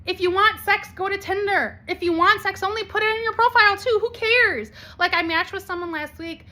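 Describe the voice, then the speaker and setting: Talking directly to the camera, a vlogger in her forties speaks a little fast in a bright, high-pitched voice. She's blunt and lively, and swear words crop up throughout.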